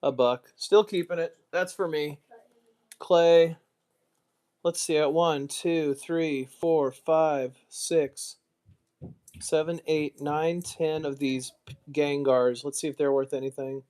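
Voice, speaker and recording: A man's voice: fairly high pitch, steady tone, slow, a little mellow. Rambling American man live-streaming. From United States. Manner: rambling, muttering asides, self-mocking. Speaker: streamer, card collector. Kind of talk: casual live-stream commentary.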